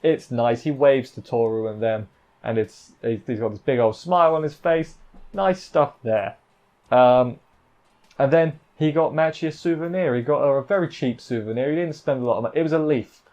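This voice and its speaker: A man's voice: medium pitch, normal speed, a little mellow. Rambling man recapping an anime. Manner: rambling, self-correcting, playful asides. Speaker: anime reviewer. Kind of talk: casual episode recap.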